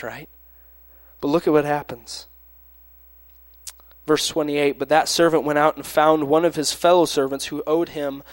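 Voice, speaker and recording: Guy preaching, reads the bible bits then explains, goes almost whispery sometimes, kinda high voice, dry close mic. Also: a bit bright, no echo. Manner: reads scripture aloud and explains it, with sudden drops to near whispers. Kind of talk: sermon.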